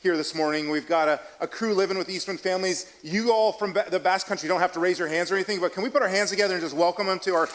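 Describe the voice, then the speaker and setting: Man, pastor, high voice, chatty sermon storytelling, self-deprecating, restarts a lot. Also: very fast, hardly any pauses, a bit bright, slight background noise, poor audio. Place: church sanctuary.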